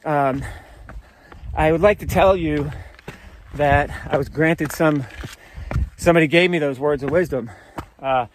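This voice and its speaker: A man's voice: fairly high pitch, a little slow, rough recording. A man hiking outdoors on a mountain trail, talking into a camera he carries, earnest and upbeat, a bit out of breath from climbing. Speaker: hiker vlogging on the trail. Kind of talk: casual vlog while hiking. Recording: loud outdoor noise behind the voice.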